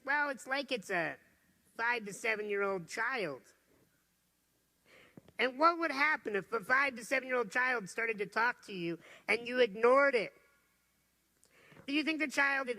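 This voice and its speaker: Man, motivational speaker, gravelly, bright tone, slow, storytelling with audience questions. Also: very high voice, expressive. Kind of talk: motivational talk to a live audience.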